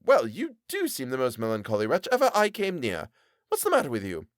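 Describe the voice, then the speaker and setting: A man's voice: medium pitch, wildly swooping pitch, fairly quick, no echo, clean studio sound, pitched above the performer's own voice. A man voicing a boastful, chatty male tailor in an audiobook, blustering and gossipy. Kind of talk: audiobook character voice.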